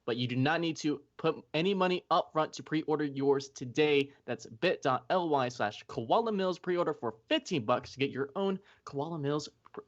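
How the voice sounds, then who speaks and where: A man's voice: a little high, expressive, moderate pace, lo-fi sound. A man joining a sports podcast remotely as a guest, self-deprecating and stumbling over his words as he jokes. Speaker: guest contributor. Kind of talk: casual podcast chat and promo read.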